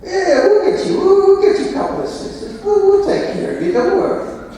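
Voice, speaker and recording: A man voicing a gruff, cigar-puffing older male school boss who talks in a brusque, reassuring way. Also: very high voice, animated, fairly quick, mellow, pitched above the performer's own voice. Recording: echoey hall, voice from far off.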